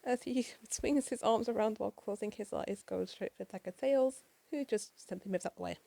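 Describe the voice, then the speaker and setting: A woman's voice: mid-range voice, brisk, gravelly, dark tone, dry recording, low-quality recording. A woman casually reading a comic aloud, with chatty asides and the odd swear word. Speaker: comic reader. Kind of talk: casual comic read-along with commentary.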